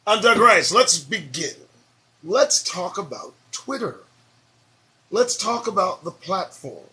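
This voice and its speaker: A man's voice: high-pitched, big pitch swings, takes it slowly, pushed and bright. A man hosting his daily morning talk show, rambling and swearing casually as he drifts between topics. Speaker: show host.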